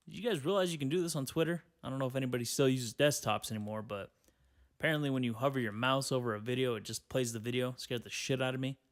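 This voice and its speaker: A man's voice: mid-range voice, quick pace. A young man hosting a casual solo podcast, reading headlines aloud and answering them with profane, rambling, sarcastic comments. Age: young adult. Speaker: podcast host.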